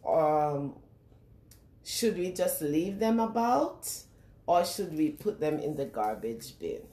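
Brief: female children's storyteller, slow and very expressive, sing-song, room echo. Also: deep voice. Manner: animated, sing-song, asks the children questions. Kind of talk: reading a picture book aloud to young children.

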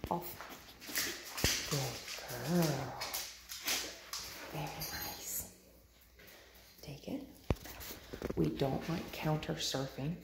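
Low, slow-talking woman dog trainer. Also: gravelly. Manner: soft, calm praise, often hushed to a whisper. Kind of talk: hands-on dog training demonstration. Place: indoor home room with a dog crate. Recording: roomy echo with loud background noise.

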